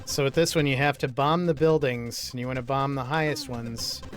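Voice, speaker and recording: A man's voice: medium pitch, fairly even intonation, normal speed, faint music behind. A man casually chatting and rambling while he plays video games for his channel, with lots of fillers. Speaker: gaming streamer. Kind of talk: casual let's-play commentary.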